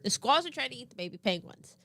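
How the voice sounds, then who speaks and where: A young woman co-hosting a casual podcast, telling a family story with animated, high-pitched quoted voices and frequent laughter. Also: quick pace, gravelly. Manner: laughs often. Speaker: podcast co-host.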